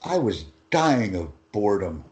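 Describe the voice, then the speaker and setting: A man teaching English phrases in a lesson, reading each phrase slowly and with emphasis for his student to repeat. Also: fairly low pitch, big pitch swings, darkish tone. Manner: slow and emphatic, phrases stressed one by one.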